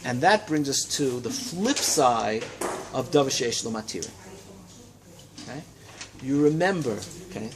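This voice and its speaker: Animated man teaching a Talmud class. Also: medium pitch, a little slow, pauses often, background noise. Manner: animated, lively teaching with frequent check-ins and rising emphasis. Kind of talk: classroom lecture. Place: study hall classroom.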